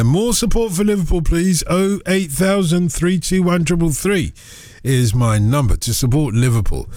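Male radio host, playful phone-in banter, lively up-and-down pitch, dry studio sound. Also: no echo. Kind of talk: casual phone-in chat. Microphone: studio microphone.

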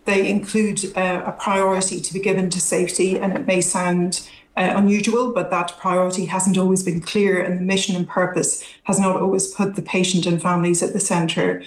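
Flat-toned woman academic, echoey line. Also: on the low side, moderate pace, a little hiss or hum. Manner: careful, analytical, with hesitations. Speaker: academic expert guest. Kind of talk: news interview.

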